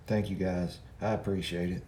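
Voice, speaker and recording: A middle-aged Kentuckian with a Kentucky accent chats casually on his livestream, addressing viewers directly with folksy charm. His low, slightly mellow voice keeps a level tone at normal speed against slight background noise.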